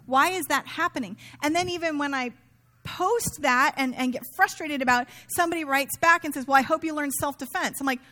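A woman's voice: sits high, brisk, pushed and bright. A middle-aged woman pastor giving a sermon in a conversational, self-mocking way, acting out quoted asides.

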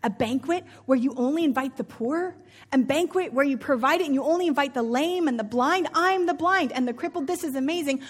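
A woman voicing a poor, excitable laborer who talks in an eager, rushing way. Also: high voice, natural voice. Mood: amazed.

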